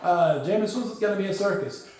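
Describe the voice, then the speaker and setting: A man's voice: high voice, expressive, fast, a little mellow. A man hosting a football show, who rambles through the news with sarcastic asides. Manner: sarcastic, rambling, lots of fillers. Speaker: football podcast host. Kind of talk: casual sports news commentary. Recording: very echoey room.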